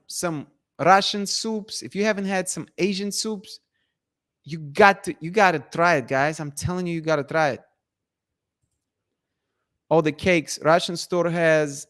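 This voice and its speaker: A man hosting a casual live stream, reading viewer comments in a playful, emphatic way that repeats itself. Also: fairly high pitch. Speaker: livestream host.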